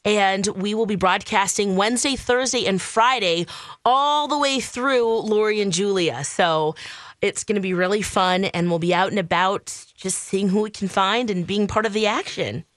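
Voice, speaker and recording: A woman's voice: mid-range voice, normal speed, fairly bright tone, no room sound. A woman co-hosting a radio talk show, chatting in an upbeat way and laughing easily. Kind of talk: casual radio banter.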